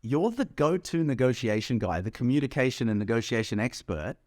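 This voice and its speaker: A man's voice: medium pitch, lively intonation, fairly quick, a little mellow, dry recording, clean studio sound. Man with curious follow-up questions. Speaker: podcast co-host. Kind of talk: conversational interview question.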